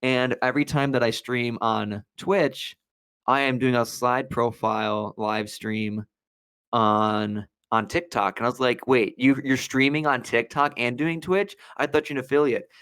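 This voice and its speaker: This young Wisconsin man co-hosts a podcast, chatting casually and telling a story in an animated way, acting out the quotes as he goes. His mid-range voice is smooth and a little slow, recorded at studio quality with no room sound.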